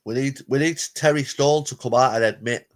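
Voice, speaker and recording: A man's voice: medium pitch, a little fast. A man hosting a live reaction stream, talking bluntly and casually, swearing freely.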